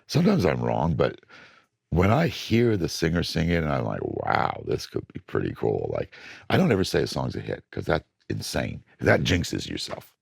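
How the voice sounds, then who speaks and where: A middle-aged record producer being interviewed, telling blunt studio stories and acting out moments from sessions. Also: male voice, a bass voice, normal speed, vocal fry, breathy edge, dry recording. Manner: animated, blunt storytelling that acts out studio moments.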